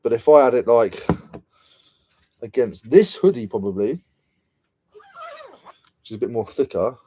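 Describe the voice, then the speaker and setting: A man's voice: mid-range voice, wildly swooping pitch, unhurried, mellow, a little hiss or hum. A British man chatting casually and slangily on a reselling live stream, mocking himself as he goes. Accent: British English. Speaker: reselling vlogger.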